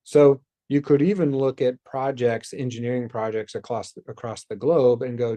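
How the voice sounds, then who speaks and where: A man hosting a spiritual self-help talk, speaking loosely and rambling, with sighs and soft asides. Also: medium pitch, steady tone, moderate pace, hardly any pauses. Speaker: host.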